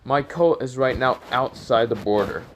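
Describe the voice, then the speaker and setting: A man's voice: mid-range voice, moderate pace, a little hiss or hum, lightly acted. A man voicing an obedient male cult leader, in his ordinary speaking voice.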